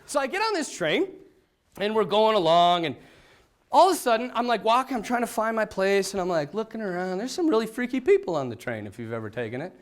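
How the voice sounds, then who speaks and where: A man from North Dakota with an unusually high voice tells his own story with lots of energy. His pitch jumps around as he acts out the dialogue and pokes fun at himself. He speaks as a Catholic priest giving a personal testimony. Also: fast. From North Dakota, USA. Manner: animated storyteller acting out quoted dialogue; self-deprecating and humorous. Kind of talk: personal testimony told to an audience.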